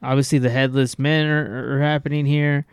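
A man's voice: mid-range voice, level tone, normal speed, clean tone, dry recording. A man co-hosting a podcast in casual chat, rambling and swearing with lots of restarts. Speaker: podcast co-host.

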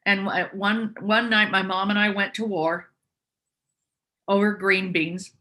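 A woman tells personal stories. Her voice is bright and forward. She speaks openly and reflects on herself as she talks. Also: mid-range voice, fairly even intonation, a little slow. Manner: candid, self-reflective. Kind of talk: personal storytelling.

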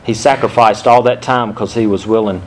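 A man's voice: on the low side, fairly even intonation, moderate pace, rough recording. A man giving a sermon to men about marriage, teaching from a diagram and asking his listeners direct questions in a conversational preaching manner. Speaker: pastor.

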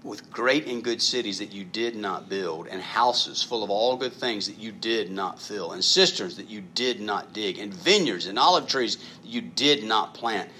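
A man's voice: on the low side, normal speed, few pauses, bright, forceful tone, a little hiss or hum. A male pastor preaching a sermon in a conversational, emphatic way, often repeating words.

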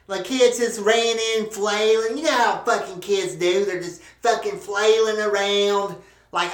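A woman's voice: medium pitch, unhurried. A woman hosting a podcast, telling a crude comic story full of swearing and rambling asides. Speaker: podcast host. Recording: roomy echo.

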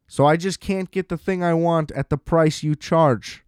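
A man's voice: a little high, moderate pace, darkish tone, clean tone, no room sound, clean studio sound. A young man ranting in a casual, exasperated and profane monologue as a podcast host.

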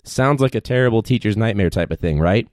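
A man who is a high school teacher, talking in a casual, rambling monologue with a wry tone and free swearing. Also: animated, brisk, darkish tone, dry recording, clean studio sound.

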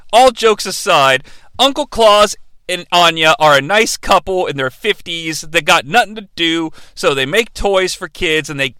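A man rattles through a movie recap with crude, irreverent jokes. His voice is high and bright, and the sound is dry and close. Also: dry recording. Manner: irreverent, profane, joking. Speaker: movie reviewer host.

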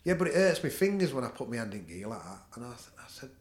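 A man's voice: medium pitch, very animated, fast. A middle-aged man with a Northern English accent, a podcast guest talking bluntly and swearing freely in casual chat. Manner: blunt, swears freely, laughs at own stories. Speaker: podcast guest, jiu-jitsu practitioner. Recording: echoey room.

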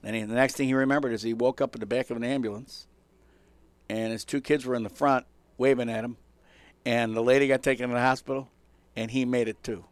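A man hosting a radio talk show, telling a story in a lively, conversational way. He chuckles and slips into the voices of the people he describes. His voice sits at an ordinary pitch, and the close studio mic gives it a dry sound. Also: fast talker, no room sound.

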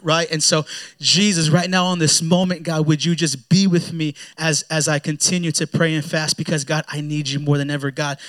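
A man preaching a sermon in a relaxed, conversational way, often repeating words as he acts out his own prayers. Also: fairly high pitch. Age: young adult to middle-aged, a father. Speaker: pastor.

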